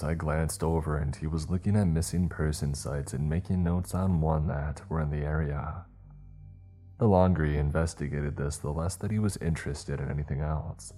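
A man narrating a first-person scary story in a measured way, voicing the dialogue himself. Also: extremely low pitch, mellow. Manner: measured, acts out dialogue in his own voice.

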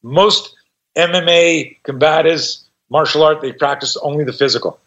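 A middle-aged man on a podcast tells a story in a casual, profane way, acting out the other voices. His voice sits fairly high for a man. The recording is slightly dull and lo-fi. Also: normal speed. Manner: profane, animated, acts out quoted voices. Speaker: podcast guest.

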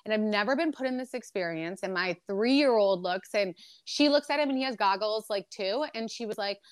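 A woman's voice: medium pitch, lively intonation, brisk, smooth, no echo, clean studio sound. A young adult woman co-hosting a podcast, telling a personal story in a rambling, emotional way with lots of fillers. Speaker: podcast co-host. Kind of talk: casual chat, personal story.

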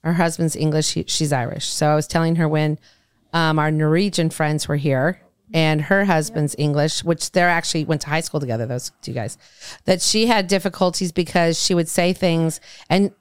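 A woman's voice: low-pitched, fairly even intonation, moderate pace, smooth, dry recording. A woman co-hosting a podcast in casual chat, telling stories and acting out what people said. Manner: chatty storytelling, acting out quoted voices. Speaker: podcast co-host.

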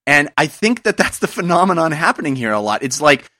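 Guy hosting a gaming podcast, bright tense voice, earnest and reflective, dry close sound. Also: fairly high pitch, sing-song, fairly quick, dry recording. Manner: earnest, reflective, talks things through. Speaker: podcast host. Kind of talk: casual podcast chat.

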